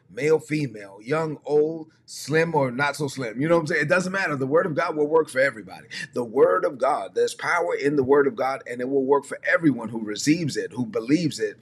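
A man's voice: medium pitch, husky. A man preaching a streamed sermon as pastor, emphatic and repetitive, often prompting listeners to say words back or type them in the chat.

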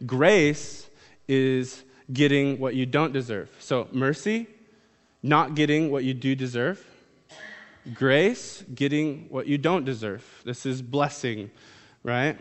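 A man preaching a sermon in a casual, conversational way, reading scripture aloud and then explaining it. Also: medium pitch. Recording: long hall reverb.

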